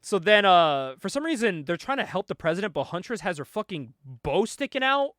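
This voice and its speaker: A man's voice: high voice, very animated, brisk, fairly bright tone, no echo, studio quality. A man casually recapping a comic book, joking, swearing and laughing often as he goes. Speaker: podcast host reviewing a comic.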